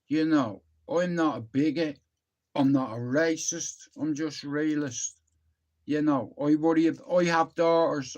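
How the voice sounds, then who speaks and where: High-voiced Northern Irish man ranting. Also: a bit bright. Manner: rambling, heated, swears often. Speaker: livestreamer. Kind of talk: ranting live stream monologue.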